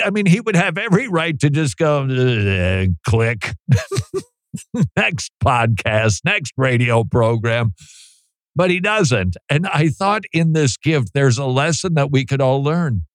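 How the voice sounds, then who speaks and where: A man's voice: fairly high pitch, no echo, clean studio sound. A man hosting a talk radio show, chatting casually with joking, self-deprecating asides.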